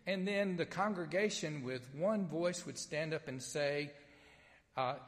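A man with a Southern accent, a pastor from Mississippi, preaching an Easter sermon in a folksy storytelling way with gentle humor. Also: on the high side, a little slow, big-room sound. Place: sanctuary with only a few people present.

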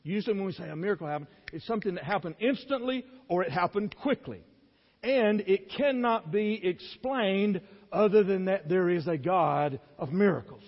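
A man preaching a sermon, reading scripture and acting out the characters with heated, rising delivery, then dropping quiet to reflect. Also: high-pitched, lively intonation, normal speed, in a large hall, dull audio. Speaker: pastor.

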